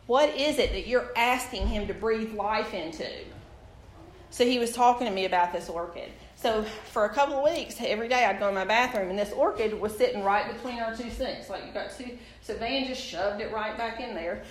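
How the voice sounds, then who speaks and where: A woman's voice: on the high side, fairly quick. Storytelling woman preaching in an echoey room. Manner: storytelling, animated, addresses the audience directly. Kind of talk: sermon with personal testimony. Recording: echoey room with faint background noise.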